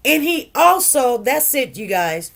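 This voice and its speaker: A woman's voice: high voice, unhurried, gravelly. Sassy, emphatic woman commentator. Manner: emphatic, animated retelling with sassy asides. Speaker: true crime news commentator. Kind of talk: casual commentary.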